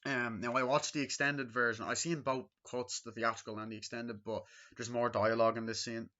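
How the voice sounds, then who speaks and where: A man's voice: mid-range voice, level tone, a little fast, sharp tone. A man casually reviewing a movie, rambling and packing his talk with fillers like "um" and "you know". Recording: dull lo-fi recording.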